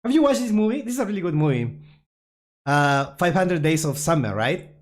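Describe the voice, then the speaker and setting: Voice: medium pitch, big pitch swings, fairly quick. A streamer casually reacting to memes and talking to chat, laughing often and poking fun at themselves. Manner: laughs often, chatty, self-mocking.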